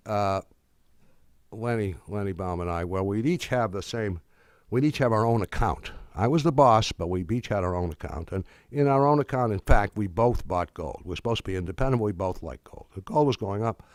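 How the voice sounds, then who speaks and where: Older guy telling a story at a talk, lots of restarts, kinda low voice, dry sound. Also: expressive, no echo. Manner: halting, many restarts and fillers, wry storytelling. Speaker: speaker giving a talk. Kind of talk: anecdotal talk to an audience.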